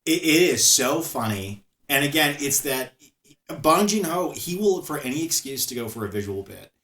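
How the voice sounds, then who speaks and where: A man co-hosting a podcast, chatting casually in an animated way, laughing often and restarting his phrases. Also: medium pitch, moderate pace, reverberant. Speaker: podcast co-host. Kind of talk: casual chat.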